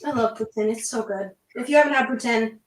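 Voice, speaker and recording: A woman's voice: a little high, reverberant, far from the mic. A young woman in her late teens with a Canadian accent, talking in a chatty, giggly way as a guest on a casual video chat. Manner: chatty and giggly, quick with asides.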